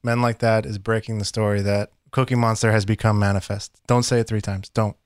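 A man's voice: fairly low pitch, level tone, fairly quick, clear, resonant tone, dry recording, clean studio sound. A man hosting a comedy podcast, asking wry questions and laughing often. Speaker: podcast host. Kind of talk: casual comedic podcast banter.

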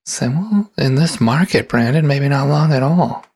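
Male comedy podcast co-host, husky and lively, casual news reader who stumbles and giggles. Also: medium pitch, measured pace. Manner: giggly, stumbles over words. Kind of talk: casual comedic chat, reading out news stories.

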